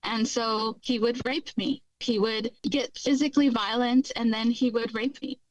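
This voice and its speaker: A middle-aged woman tells her own story with candid, earnest detail. Her voice sits a little high, and it is recorded close and dry with no room sound. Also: fairly even intonation, unhurried, dry recording, lo-fi sound. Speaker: guest recounting her life. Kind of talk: personal testimony interview.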